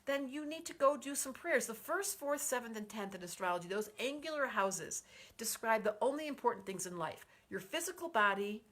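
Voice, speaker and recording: A woman's voice: a little high, animated, normal speed. Effusive woman chatting into a phone. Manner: effusive, chatty, warmly reacting to viewers by name. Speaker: astrologer host. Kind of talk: live-stream chat reading viewer comments. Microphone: phone held at arm's length.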